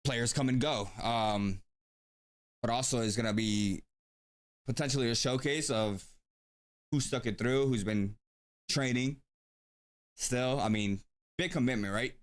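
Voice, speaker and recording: A man hosting a tournament live stream, talking casually and thinking aloud with frequent pauses and ums. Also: mid-range voice. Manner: laid-back, thinks aloud with many ums.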